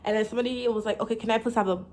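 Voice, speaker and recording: A woman's voice: on the high side, steady tone, rapid-fire, darkish tone. A young American woman talking casually to camera as a vlogger, chatty and rambling, full of likes and restarts, laughing now and then. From United States.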